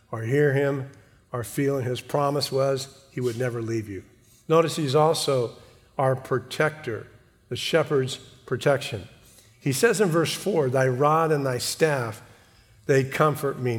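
Man preaching a sermon, earnest, stumbles and repeats words, big echoey hall. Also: mid-range voice. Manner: earnest, repeats words, asks congregation "amen?". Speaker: pastor. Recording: long hall reverb.

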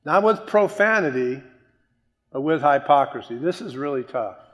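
A man's voice: fairly high pitch, expressive, normal speed. Emphatic preacher man in a reverberant hall. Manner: emphatic, swinging between loud stresses and quiet drops. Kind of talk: sermon.

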